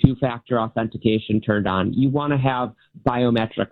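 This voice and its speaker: A man's voice: medium pitch, normal speed. A man guesting on a talk show as a magician, explaining things in a friendly way with light laughs. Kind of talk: interview answers. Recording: tinny phone line.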